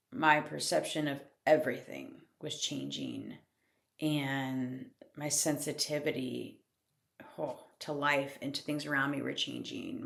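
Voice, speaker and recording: A woman's voice: extremely low pitch, vocal fry. A woman hosting a podcast, telling her personal story in a candid, casual way, laughing often and swearing lightly. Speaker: podcast host. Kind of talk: reflective personal storytelling monologue.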